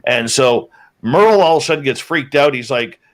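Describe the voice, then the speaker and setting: A man of average pitch tells a story in a loose, casual way, as a guest on a show. He slips into his companions' voices when he quotes them. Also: moderate pace. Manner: lively, acts out the quoted lines of his companions. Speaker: guest telling an encounter story.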